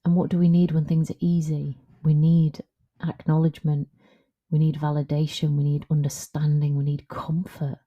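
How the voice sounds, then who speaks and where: Low-voiced woman coaching, frank. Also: moderate pace, lo-fi sound. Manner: frank, conversational, animated. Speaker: confidence coach. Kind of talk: solo podcast monologue.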